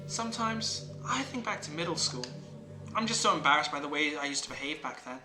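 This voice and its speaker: A streamer voices an affectionate teenage club president from a visual novel, reading her lines plainly and with some amusement. The voice is mid-pitched, animated, brisk and sharp-toned, the mood tender. Game music plays behind in a roomy recording.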